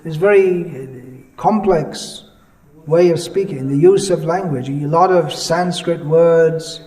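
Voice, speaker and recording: A man giving a religious lecture as a monk, measured and explanatory, pausing often and restarting his sentences. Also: on the high side, mellow, poor audio. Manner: halting, many pauses and restarts.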